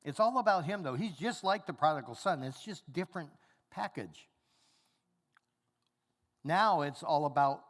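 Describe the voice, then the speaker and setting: A man's voice: a little high, animated, normal speed. A male pastor preaching a sermon, teaching animatedly and acting out the characters' lines. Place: church hall. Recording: long hall reverb.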